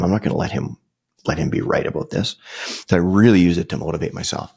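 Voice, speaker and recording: A man's voice: low-pitched, fast, creaky, a little mellow, husky. A man, hosting a podcast and telling a personal story in a casual, conversational way, swearing freely and restarting often. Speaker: podcast host.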